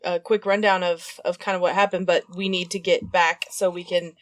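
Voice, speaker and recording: A woman's voice: on the low side, little pitch movement, moderate pace. Eager woman player at a tabletop game. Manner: eager, reactive, laughing.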